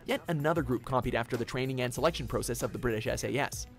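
A man's voice: medium pitch, racing, over music. A man reading a scripted narration for a top-ten list video, punchy with wry asides.

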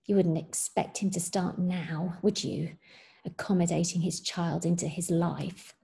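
A woman's voice: a little high, very animated, normal speed, dark tone, pitched above the performer's own voice. A woman voicing an upset, scornful mother who mocks, then turns choked and snarling. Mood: bitter.

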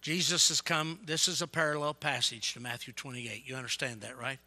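A man evangelist preaching a sermon, telling stories with energy and yelling to get his point across. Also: medium pitch, brisk. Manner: yells and gets fired up; animated storytelling.

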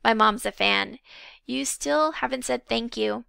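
A woman's voice: fairly high pitch, unhurried, creaky, smooth, dry recording, full character voice. Cocky laid-back schoolboy, read by a woman. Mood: smug. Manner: smug, relaxed.

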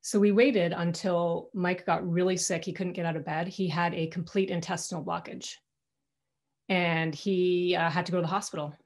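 A woman's voice: fairly low pitch, fairly even intonation, normal speed. A middle-aged woman giving a personal talk to an alumni audience from her home, candid and conversational, often restarting her sentences. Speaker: guest speaker.

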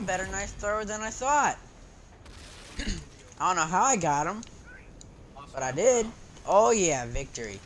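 A gaming channel host giving live gameplay commentary, excitable and chatty with viewers, yelping and shouting when something happens in the match. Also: mid-range voice, a little slow, long pauses, slight background noise. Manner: excitable, yelps and shouts at game moments; chatty, talks to viewers between rounds.

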